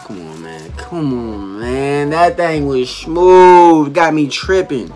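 A man's voice: on the high side, animated, slow. A man reacting to a dance video on his channel, calling out exclamations and playful slang as he watches. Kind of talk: excited reaction commentary.

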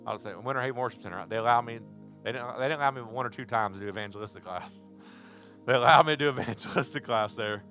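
Man, sermon, folksy storytelling, shouting bursts, bright tense tone, faint music behind. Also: mid-range voice, fast. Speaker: preacher. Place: church service.

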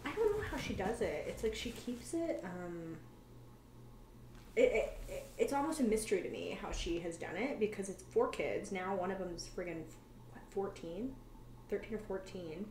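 A woman's voice: mid-range voice, animated, normal speed, darkish tone, far from the mic. A woman in casual chat, telling stories about a friend and quoting her along the way. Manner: storytelling, quotes friends, chatty. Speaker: guest. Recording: roomy echo from a bit off mic, light hiss.

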